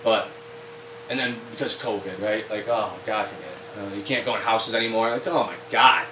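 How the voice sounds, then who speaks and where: A man's voice: fairly low pitch, fairly quick, far from the mic, noisy background. A man co-hosting a casual podcast, rambling and swearing as he rants. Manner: rambling, profane, animated ranting. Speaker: podcast co-host. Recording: roomy echo with faint ambience.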